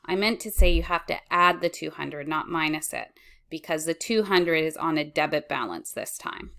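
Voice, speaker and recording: Measured woman reading accounting slides. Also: deep voice, creaky, sharp tone. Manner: measured, self-correcting. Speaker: accounting instructor.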